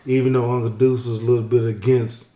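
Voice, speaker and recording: A man's voice: mid-range voice, flat delivery, quick pace, warm tone, reverberant. A man hosting a podcast, joking around in loose, profane banter with his friends. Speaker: podcast host.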